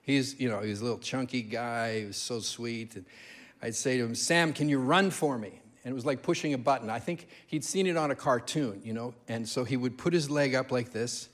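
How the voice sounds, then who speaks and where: A man preaching a sermon as a guest speaker, telling stories in an animated way and repeating key phrases for emphasis. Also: medium pitch, fairly quick. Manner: animated storytelling, emphatic repetition.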